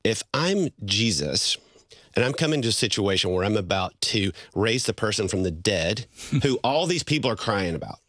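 Lively, laughing middle-aged man. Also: on the low side, no room sound, studio quality. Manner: animated, laughs often, acts out quotes. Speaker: guest speaker on marriage. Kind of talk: conversational storytelling.

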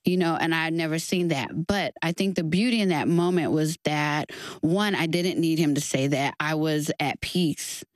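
A woman from Texas, a guest author, shares personal stories in a faith-based conversation, full of feeling and quick to laugh. Her voice sits a little low, and the recording is dry and close. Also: dry recording. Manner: expressive storyteller, acts out quoted voices, laughs easily.

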